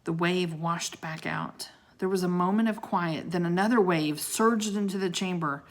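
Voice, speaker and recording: A woman's voice: fairly low pitch, moderate pace. A woman reading a children's book aloud, with chatty asides to her listeners. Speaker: storybook reader.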